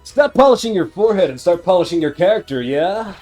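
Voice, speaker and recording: A man's voice: fairly high pitch, fairly quick, mellow, faint music behind, lightly acted. A man voicing a smug, teasing young male prosecutor.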